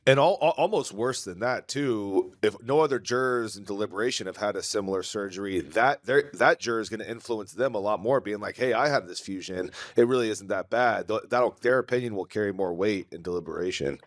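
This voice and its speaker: A man co-hosting a podcast, talking quickly and earnestly and stumbling at the starts of his sentences. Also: fairly low pitch, dry recording, clean studio sound. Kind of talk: conversational discussion.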